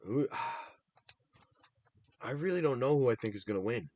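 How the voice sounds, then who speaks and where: A man's voice: mid-range voice, expressive, takes it slowly, a little mellow, lo-fi sound. A man co-hosting a casual recap show, chatting about his picks in a rambling, enthusiastic way and drifting into tangents. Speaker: podcast co-host.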